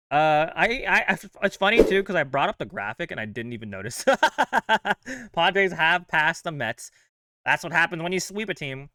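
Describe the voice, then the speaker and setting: A man's voice: fairly high pitch, sharp tone, clean tone, no room sound, studio quality. A man hosting his own fan channel, chatting in a casual, upbeat way with plenty of loose fillers. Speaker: host of a fan sports channel. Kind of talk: casual chat.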